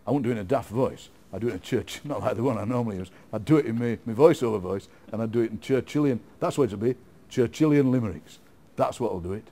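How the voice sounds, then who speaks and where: A middle-aged man with a Yorkshire accent, chatting in an interview as a guest poet, rambling and playful, quick to laugh. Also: mid-range voice, warm tone. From England. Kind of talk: casual interview chat.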